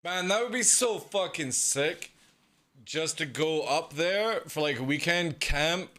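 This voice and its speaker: A man reacting casually on a live stream, excitable, swearing freely and laughing often. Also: fairly high pitch, a little slow.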